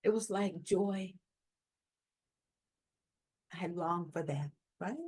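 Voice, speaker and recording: A woman guest telling a personal story in a lively way, often checking in with "right?". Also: on the low side, slow, breathy edge. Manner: lively, tag questions like "right?". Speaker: guest telling her near-death story.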